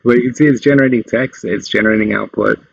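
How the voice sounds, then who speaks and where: A man's voice: fairly low pitch, fairly even intonation, fast talker, gravelly, husky, no echo. A man hosting a casual tech tutorial, explaining things in a loose, meandering way. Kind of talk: casual screen-recorded tutorial. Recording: dull lo-fi dry sound.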